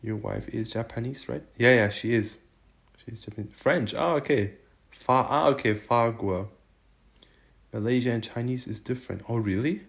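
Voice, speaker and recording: A man from Germany hosting a casual livestream, chatting with viewers and haltingly trying out Chinese phrases. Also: medium pitch, creaky. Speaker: livestream host. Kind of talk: casual live chat answering viewers.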